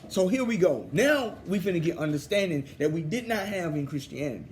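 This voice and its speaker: Fervent, animated man teaching scripture. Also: high voice, fairly quick, a little hiss or hum. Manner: excited, fervent, preachy. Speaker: Bible teacher.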